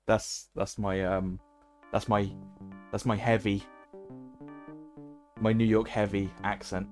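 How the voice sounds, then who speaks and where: A man's voice: on the low side, steady tone, a little slow, long pauses, darkish tone, soft background music. A man streaming a game, chatting casually and laughing often. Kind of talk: casual gaming commentary.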